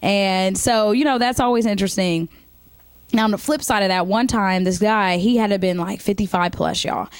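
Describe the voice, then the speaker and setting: A woman in her thirties telling comic stories to camera in a chatty, animated way with lots of fillers. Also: medium pitch, normal speed, no room sound. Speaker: comedian. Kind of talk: stand-up comedy monologue to camera.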